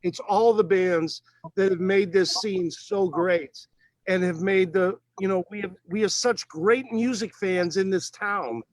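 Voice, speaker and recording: A man's voice: sits high, a little slow, no room sound. A man in a band speaking earnestly, with stumbling restarts. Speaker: band musician. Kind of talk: casual interview talk.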